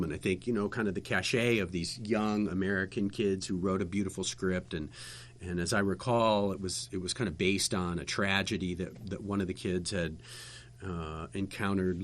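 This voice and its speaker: A man telling long anecdotes in a casual chat, rambling and animated with lots of fillers and restarts. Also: fairly low pitch. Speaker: guest telling stories, former local TV interviewer.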